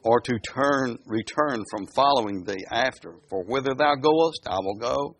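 A man preaching a sermon. He reads scripture aloud slowly, breaks into folksy asides, and keeps asking his listeners questions. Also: mid-range voice. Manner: animated, asks the listeners questions.

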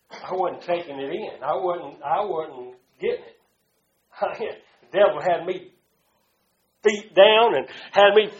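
Guy preaching, pretty high voice, goes loud then quiet, kinda muffled lo-fi church echo. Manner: preaches with swings from loud to hushed, prompts the congregation. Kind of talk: sermon. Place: church before a congregation.

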